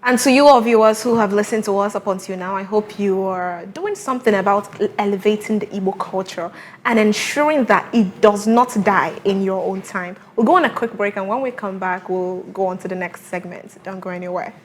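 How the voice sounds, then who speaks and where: A young woman hosting a talk show, lively and often laughing between questions. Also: mid-range voice, brisk, a little hiss or hum. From Nigeria. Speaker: host.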